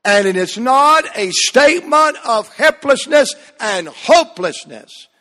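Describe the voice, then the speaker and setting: A man preaching a fiery revival sermon, swinging from soft drawn-out phrases to shouted peaks. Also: very high-pitched, animated. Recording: long reverb in a large hall.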